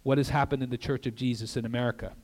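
An older man preaching an earnest sermon as a guest pastor in a church, with conversational asides and soft drops for emphasis. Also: mid-range voice, steady tone, racing. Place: church sanctuary. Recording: long reverb of a church hall.

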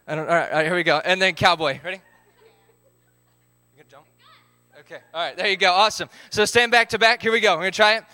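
Bright upbeat man leading a group game. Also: sits high, fairly quick, pauses often. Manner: upbeat, calls out counts and instructions.

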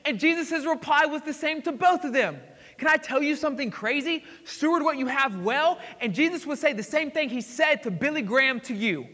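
High, bright-voiced excitable male pastor. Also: fairly quick. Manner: excitable, swings between loud exclamations and hushed asides. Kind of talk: sermon. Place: church sanctuary. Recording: hall reverb.

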